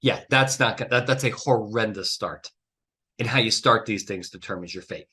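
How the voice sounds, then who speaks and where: A man's voice: fairly low pitch, normal speed, bright, forceful tone, husky. A man hosting a podcast, giving blunt, emphatic advice with swearing and exasperated outbursts. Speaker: trial consultant podcast host. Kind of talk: animated solo podcast talk.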